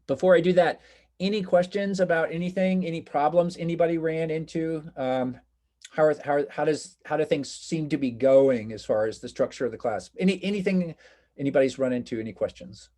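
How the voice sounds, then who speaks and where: A man's voice: fairly high pitch, fairly quick, dark tone. A man teaching a college class online over a video call, talking casually and reassuring his students while inviting their questions. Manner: reassuring, chatty, encouraging questions. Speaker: college instructor.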